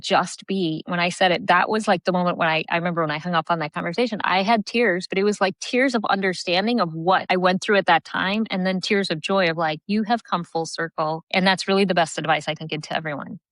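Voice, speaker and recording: A woman's voice: on the low side, fairly bright tone, no echo, low-quality recording. A woman leadership coach in a remote podcast interview, telling stories earnestly with many fillers and restarts. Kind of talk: podcast interview, reflective storytelling.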